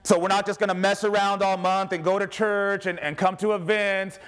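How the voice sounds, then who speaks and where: A man's voice: sits high, flat delivery, moderate pace, fairly bright tone. A man preaching a fervent, emphatic sermon as pastor in a church, using repeated rallying phrases. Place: church sanctuary with a responding congregation.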